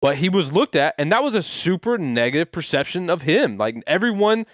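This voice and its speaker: A man co-hosting a casual podcast, making points in an animated, slangy way. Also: a little high, fairly quick, no echo, lo-fi sound. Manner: animated, storytelling, uses slang. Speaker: podcast co-host.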